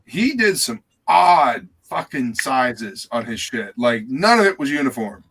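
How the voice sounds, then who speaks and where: A man's voice: medium pitch, sing-song, measured pace, a bit bright, slightly rough. A man chatting as a guest on a live stream, blunt and profane, rambling about art. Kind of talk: casual chat.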